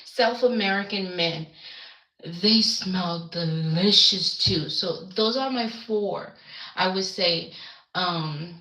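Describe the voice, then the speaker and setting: Slow-talking chatty woman streaming from home. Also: on the low side, sharp tone, echoey room, poor audio. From the Caribbean islands. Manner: rambling, chatty, reacts to viewer comments. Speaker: livestream host. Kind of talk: casual livestream chat. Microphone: webcam.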